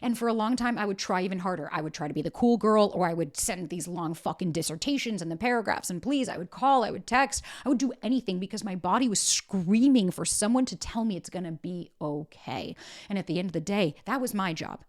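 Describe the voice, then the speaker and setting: A woman's voice: medium pitch, brisk. A woman hosting a podcast, giving blunt, emphatic dating advice and swearing often. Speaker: podcast host and dating coach. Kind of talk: direct-to-camera advice talk.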